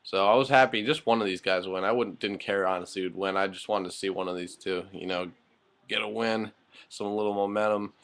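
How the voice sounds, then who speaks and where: A man's voice: fairly low pitch, fairly even intonation, fairly quick, a bit bright. A man giving a casual, rambling spoken recap of a wrestling show, full of fillers and offhand, blunt remarks.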